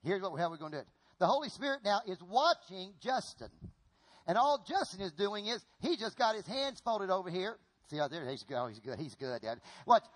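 A middle-aged man preaching a sermon in an animated, folksy way, often repeating himself as he acts out an example on stage. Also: high voice, brisk.

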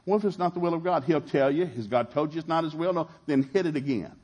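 A middle-aged man, preaching a sermon in a lively way and acting out the voices he quotes. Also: on the high side, fast, husky. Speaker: pastor.

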